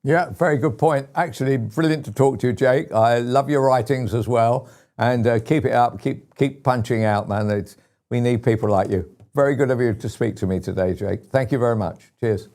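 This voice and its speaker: A man's voice: mid-range voice, normal speed, darkish tone. A man with a British accent hosting a talk radio show, rambling and exasperated, with lots of fillers and restarts. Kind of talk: opinionated talk radio chat.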